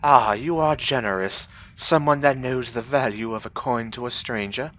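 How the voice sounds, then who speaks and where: Man voicing a sly gnome beggar; knowing, lilting, a bit high. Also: moderate pace, fairly bright tone, natural voice. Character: sly, cheerful poor male gnome beggar.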